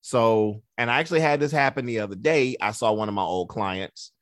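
A man who works as a therapist with kids, telling stories in a relaxed, conversational way and acting out the quotes. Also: mid-range voice, fairly quick, no echo, clean studio sound. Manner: relaxed storyteller, acts out quotes in a raised voice. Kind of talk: casual podcast conversation.

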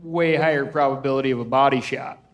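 A man co-hosting a live podcast, chiming in calmly and matter-of-factly. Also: mid-range voice, quick pace, muffled recording. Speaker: podcast co-host.

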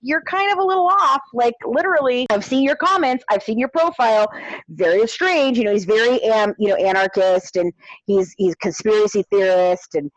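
A middle-aged woman telling her story in a casual interview, animated and climbing to high exasperated tones. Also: moderate pace, dry recording, muffled recording. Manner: animated, rising to high exasperated pitch when retelling exchanges. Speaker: documentary creator interviewed as guest.

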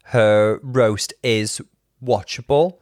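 A man's voice: fairly low pitch, fairly even intonation, extremely slow, dry recording. Giggly man chatting close-up. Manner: giggly, gushing fan banter. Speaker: podcast co-host. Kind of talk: casual chat.

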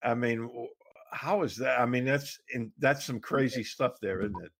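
Male host, casual and halting, mid-range voice. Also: mid-range voice, creaky, fairly bright tone. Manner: halting, lots of fillers and restarts. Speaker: interview host. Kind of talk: casual interview questions.

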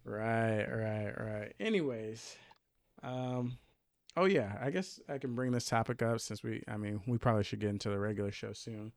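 Podcast co-host, male, gravelly voice, dry close sound, laid-back and rambling. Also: lowish voice, moderate pace, dry recording. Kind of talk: casual chat.

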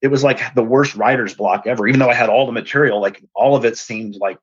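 A man's voice: medium pitch, fast, husky, no echo, highs cut off. A man hosting a podcast, earnestly retelling a personal story and acting out the dialogue. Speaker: podcast host and speaker.

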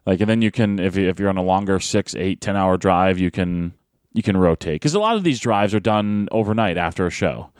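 A man's voice: deep voice, fairly quick, dry recording. Man, wrestler type, casual podcast storyteller, laughs a lot, dry close mic. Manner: animated storyteller, laughs often, acts out voices. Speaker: pro wrestler, podcast guest.

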